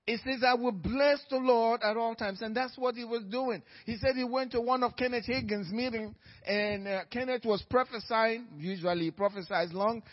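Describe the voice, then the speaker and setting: A man preaching a sermon as pastor, moving from quiet storytelling to loud, fervent exhortation. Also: very high voice. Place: church sanctuary. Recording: church hall reverb, dull lo-fi sound.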